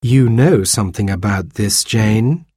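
Storybook mother, firm and brisk, slightly raised, as a man puts her on. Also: fairly low pitch, mellow, slightly rough, no echo, studio quality.

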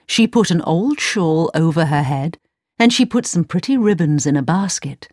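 A woman narrating a storybook in a slow, clear, expressive reading. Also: on the low side, dry recording, clean studio sound. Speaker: audiobook narrator.

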